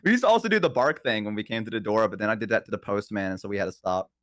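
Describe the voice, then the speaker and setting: A man on a live stream telling stories in casual chat, animated, swearing freely and laughing often. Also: fairly low pitch, rapid-fire, no room sound, studio quality. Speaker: stream guest.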